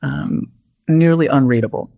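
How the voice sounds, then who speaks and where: A man's voice: fairly high pitch, moderate pace, vocal fry, dark tone. A man co-hosting a podcast, with a wry, theatrical manner and sarcastic rants. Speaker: podcast co-host. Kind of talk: casual chat.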